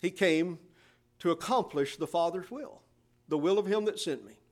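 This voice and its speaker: A man's voice: high-pitched, normal speed. A middle-aged man, a pastor, preaching a sermon emphatically and quoting scripture in old King James wording.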